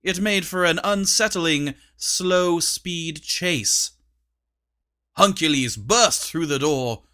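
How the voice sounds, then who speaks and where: A man narrating a comic audiobook in a playful, animated way. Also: on the high side, slow pace. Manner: animated, playful character voicing.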